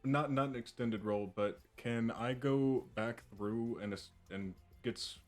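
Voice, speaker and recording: A man playing in a tabletop role-playing game, talking in a halting, stammering way. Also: mid-range voice, soft background music. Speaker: guest player.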